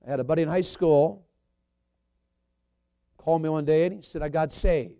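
Evangelist guy preaching, high voice, dry close sound, goes loud then soft. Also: steady tone, normal speed, vocal fry, smooth, no echo. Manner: emphatic preaching that swings from loud to quiet. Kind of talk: sermon. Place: church service.

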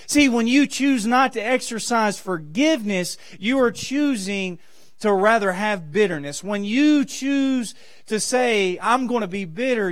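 A man preaching a sermon in church, building emphasis and then dropping to quiet, earnest asides. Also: sits high. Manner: preaching with rising and falling emphasis.

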